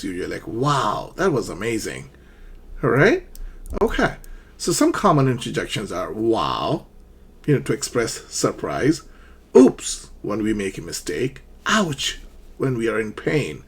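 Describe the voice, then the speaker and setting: A man teaching an online English lesson, slowly and patiently, acting out example exclamations. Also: mid-range voice, slightly rough.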